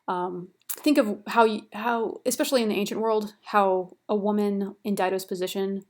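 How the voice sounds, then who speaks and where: A young woman lecturing on a classical epic in a casual, chatty way, paraphrasing with many fillers and restarts. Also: medium pitch. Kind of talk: recorded university lecture.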